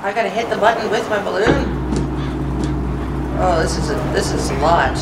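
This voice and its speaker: A woman's voice: mid-range voice, a little slow, long pauses. A woman narrates her own gameplay, talking to herself and cursing when things go wrong. Her voice echoes around the room. Heavy background noise sits under her speech. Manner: talks to herself, frustrated, swears often. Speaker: gamer. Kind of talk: let's play commentary. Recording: echoey, distant mic, loud background noise.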